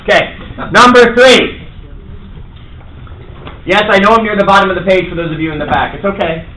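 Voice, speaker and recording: Brisk and expressive, this man's voice sits high with a sharp tone as he gives a brash, punchy seminar talk in a New York accent. A real estate trainer, he acts out his own sales calls for a live audience in a large meeting room. The room is echoey, with faint noise.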